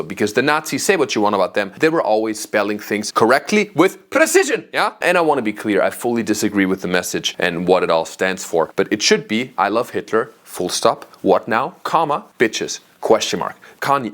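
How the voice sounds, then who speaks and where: A man's voice: fairly low pitch, fairly bright tone. A young German comedian with a German accent, reacting animatedly and laughing often as he mocks what he reads.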